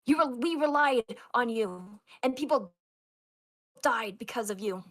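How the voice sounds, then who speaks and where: A woman voicing a resentful male crewmate who speaks in a low, reproachful way in a tabletop role-play. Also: animated, a little slow.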